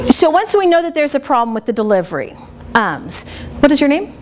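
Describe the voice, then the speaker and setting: Lively woman coaching a workshop. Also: high voice, a little slow, pauses often. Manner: lively, laughing, playful with audience. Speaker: speaking coach. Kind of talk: live workshop teaching. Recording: noisy room recording.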